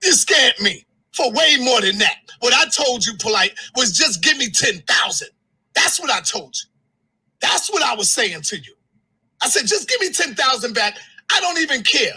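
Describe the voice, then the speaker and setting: A man in an angry livestream rant who shouts, curses and swings his pitch sharply. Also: husky, low-quality recording. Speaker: live streamer.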